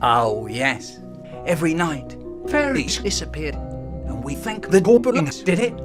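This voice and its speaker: A man voicing an old fairy queen who speaks in a low, measured way. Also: sing-song, music in the background. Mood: worried.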